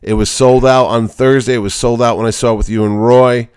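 A man's voice: medium pitch, steady tone, a little mellow, clear, resonant tone, no echo, clean studio sound. A man hosting a casual podcast, chatting about a movie he saw. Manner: chatty, talks quickly with restarts. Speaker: podcast host, convention organizer.

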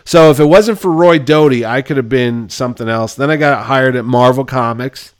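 A man in his fifties hosting a show, telling casual stories and acting out the people in them, combative and quick with a comeback. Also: mid-range voice, clear, resonant tone, dry recording, studio quality. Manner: self-described belligerent, quick with comebacks. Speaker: podcast host. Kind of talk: casual storytelling.

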